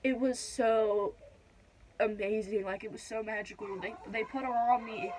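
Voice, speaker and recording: A teenage girl vlogging a casual storytime at home, chatty and full of "like", acting out quotes in a higher voice. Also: steady tone, normal speed, a little mellow, slight background noise, low-quality recording. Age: teens. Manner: chatty, says "like" a lot, acts out quotes in a higher voice.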